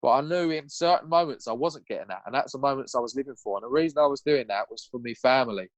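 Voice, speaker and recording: A young man speaks candidly and earnestly as a podcast guest, his talk raw and peppered with swearing. His voice sits at an ordinary middle pitch. The recording is close and dry, with no room sound. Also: quick pace, dry recording. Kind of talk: candid personal storytelling.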